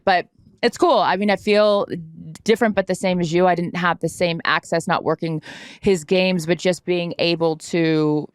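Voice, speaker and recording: A woman's voice: on the low side, clean tone, dry recording, studio quality. A woman in her thirties co-hosting a podcast, talking casually and rambling a bit as she makes her points. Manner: rambling, fillers and restarts, conversational. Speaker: podcast co-host. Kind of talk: casual chat.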